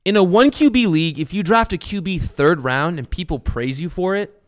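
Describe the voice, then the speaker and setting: A young man hosting a fantasy football podcast in loose, rambling chat. His voice is smooth and clear, and he swings between energetic bursts and low asides. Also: normal speed. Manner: rambling, animated, swears casually. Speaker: podcast host. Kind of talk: casual fantasy football talk.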